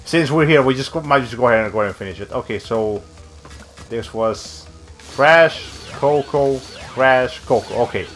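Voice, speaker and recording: A man's voice: medium pitch, moderate pace, fairly bright tone, faint music behind. A young man giving casual, rambling commentary while streaming a video game, often cutting himself off mid-sentence. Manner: rambling, self-interrupting, with many fillers.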